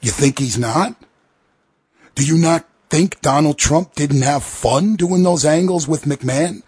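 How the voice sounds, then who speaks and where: Husky man ranting on a podcast. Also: fairly high pitch, darkish tone, no echo. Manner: profane, sarcastic, heated. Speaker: podcast host.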